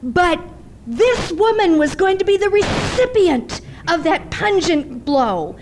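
High-voiced woman preaching conversationally. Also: slow, background noise. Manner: conversational, animated storytelling. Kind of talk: sermon with personal story.

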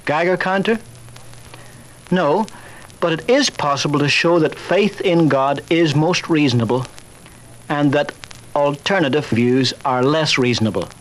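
Older man giving a measured faith talk. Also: on the high side, fairly bright tone, slight background noise, poor audio. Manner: measured and reasoned, with dry wry humor. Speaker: chaplain and speaker on faith. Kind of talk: recorded talk on faith, told through anecdotes.

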